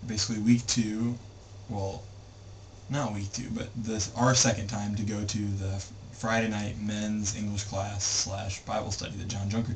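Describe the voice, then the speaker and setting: A man casually telling a trip story, acting out what others said. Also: lowish voice. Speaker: mission trip member recounting the day. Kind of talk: casual storytelling vlog recap. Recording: distant camera mic with background noise.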